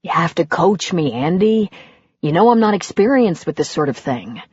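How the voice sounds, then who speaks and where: A woman reading an audiobook and voicing a gentle, self-deprecating older man who speaks softly. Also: lowish voice, very animated, moderate pace, slightly rough, no room sound, lo-fi sound. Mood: wondering, gentle. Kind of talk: audiobook character voice.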